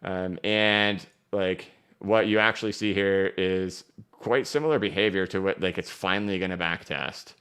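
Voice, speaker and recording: His voice sits low and smooth as he hosts a live-stream show analyzing crypto markets. He talks quickly and emphatically, brimming with energy, as he runs through charts and viewer questions.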